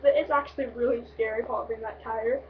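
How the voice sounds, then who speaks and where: A young woman vlogger telling a long road-trip story in a rambling, excitable way, swearing freely. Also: a little high, a little fast, distant mic, highs cut off, a little hiss or hum. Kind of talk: casual storytelling vlog.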